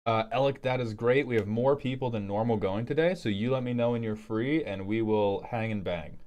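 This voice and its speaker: A man's voice: mid-range voice, fairly quick, few pauses, darkish tone. A man hosting a live stream, chatting casually with joking, profane, rambling tangents. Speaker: streamer host.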